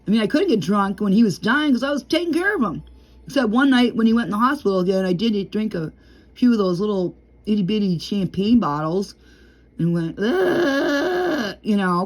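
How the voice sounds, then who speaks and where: A middle-aged woman talking casually to camera from home, rambling and chatty, laughing often and sometimes dropping low and quiet. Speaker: vlogger.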